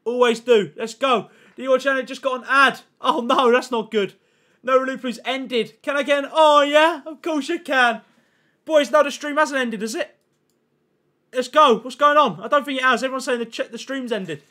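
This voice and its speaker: Speaking with an extremely high pitch at a moderate pace, a young man hangs out with his gaming livestream viewers. He's excitable and slangy, thanks chat over and over, and reacts loudly to each pack he opens.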